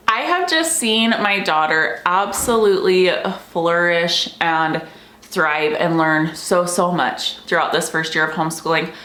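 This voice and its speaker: Chatty young mom vlogger, echoey room. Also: female voice, on the low side, normal speed, bright, forceful tone, slight background noise. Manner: chatty, heavy use of "like", emotional and gushing. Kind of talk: casual chat to camera.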